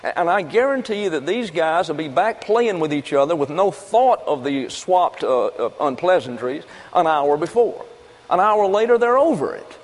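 A man's voice: on the high side, expressive, moderate pace. Folksy preaching man in a reverberant hall. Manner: folksy, conversational preaching with rhetorical questions. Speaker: pastor. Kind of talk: sermon. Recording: long reverb of a church hall.

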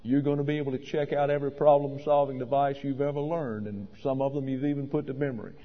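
A man's voice: medium pitch, fairly even intonation, fast. A man preaching a sermon in an emphatic, wry manner, sometimes stopping to correct himself. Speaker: pastor. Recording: lo-fi recording in a reverberant hall.

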